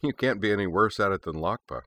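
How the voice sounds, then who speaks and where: An easygoing, teasing young woman, as a male narrator reads her lines in a storybook recording. Her manner is wry and relaxed, carried in a low voice. The sound is crisp, dry and close. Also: quick pace, dry recording. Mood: amused.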